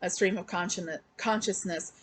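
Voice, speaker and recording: A woman's voice: on the low side, fairly even intonation, normal speed, slight background noise. A woman reviewing comics in a casual, rambling recap, full of fillers and restarts. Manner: chatty and loose, with many fillers and restarts.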